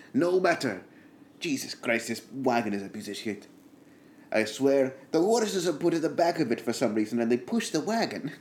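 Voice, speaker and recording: A man's voice: medium pitch, darkish tone, slight background noise, close to an everyday voice. A man voicing a bumbling, grumbling male wagon driver who rambles and mutters asides in his own plain voice.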